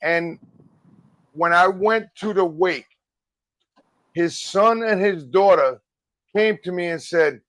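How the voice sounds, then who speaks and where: A male ex-wrestler guest on a podcast who tells his stories slowly and loops back over the same phrases, swearing as he goes. His voice is fairly high and the recording is dry and close. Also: a bit bright, dry recording. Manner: slow, repeats himself, swears. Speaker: guest, former pro wrestler. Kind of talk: casual storytelling chat.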